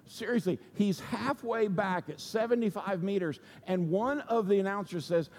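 A male pastor with a notably high voice tells a sermon story in a chatty, conversational manner, often checking in with his listeners. His voice rings out with a long reverb, as if it were recorded in a large church sanctuary. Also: moderate pace, few pauses, darkish tone. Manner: conversational, asks the audience "okay?" and "right?".

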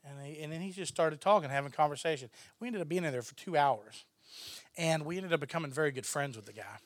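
This Texan guest talks fast in a slightly high voice, recorded with no room sound. Animated and laughing often, he tells a casual story and acts out others' lines.

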